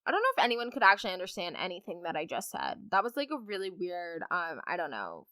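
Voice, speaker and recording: A woman's voice: fairly low pitch, big pitch swings, fast talker, bright, forceful tone, no echo, studio quality. A young woman hosting a podcast, chatting casually through listener stories with lots of likes and ums. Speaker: podcast host. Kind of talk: casual storytime chat.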